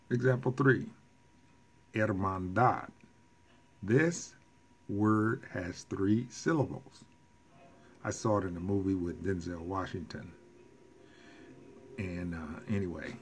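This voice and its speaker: A man teaching a recorded language lesson, explaining rules deliberately with casual asides and self-corrections. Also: sits low, slight background noise. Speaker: Spanish teacher.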